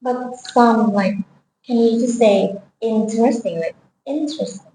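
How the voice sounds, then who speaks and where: A woman's voice: a little high, a little slow, warm tone. Hesitant woman student. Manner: hesitant questions. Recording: echoey room, faint noise.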